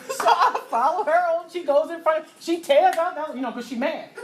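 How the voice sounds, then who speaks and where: Lively middle-aged woman telling a story. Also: high voice, a little fast, very noisy. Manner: lively, acts out voices and sound effects, loud bursts. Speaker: mother telling a personal story. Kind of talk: animated storytelling to an audience.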